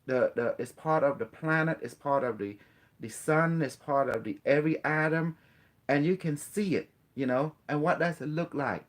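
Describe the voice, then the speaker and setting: On the high side and at a moderate pace, a man talks casually about spiritual matters. He meanders, says things more than once, keeps quizzing his listener, and occasionally launches into chanting in a playful way.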